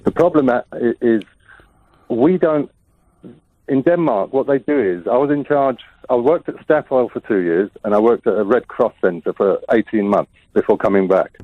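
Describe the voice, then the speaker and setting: A man's voice: medium pitch, moderate pace, dry recording. A man in his fifties calling in to a radio show, talking eagerly and rambling. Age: 50s. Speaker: caller. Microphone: telephone. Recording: tinny phone line.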